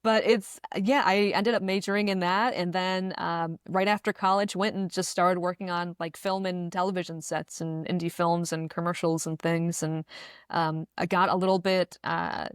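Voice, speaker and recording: A woman from New Jersey co-hosting a podcast in casual chat, talking easily with a smooth news-anchor-like delivery and frequent laughs. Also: lowish voice, fairly even intonation, moderate pace, no room sound, clean studio sound. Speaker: podcast co-host, video producer.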